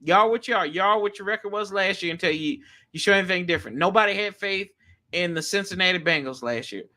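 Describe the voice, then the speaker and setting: A man hosting a live stream, chatting casually and reading viewer comments in a slangy, animated way. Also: quick pace. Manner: animated, slangy, jumps pitch often. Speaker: livestream host.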